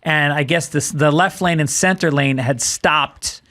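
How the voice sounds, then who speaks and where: A comedian guest tells stories on a podcast in a lively way. His voice sits a little high and sounds bright and forward, and he acts out moments of his own shouting. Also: a little slow. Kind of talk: casual chat.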